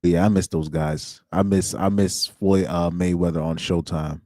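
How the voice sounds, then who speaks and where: A man's voice: low-pitched, steady tone, normal speed, a little mellow, dry recording, studio quality. A young man streaming alone, chatting casually in slang, rambling and laughing as he goes. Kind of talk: casual chat.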